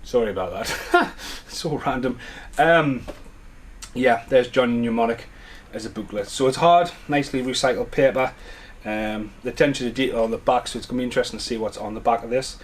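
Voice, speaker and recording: A man's voice: mid-range voice, brisk, a little hiss or hum. Man chatting through an unboxing. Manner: chatty, rambling, enthusiastic. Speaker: home media collector vlogger. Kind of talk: casual unboxing chat. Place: at home.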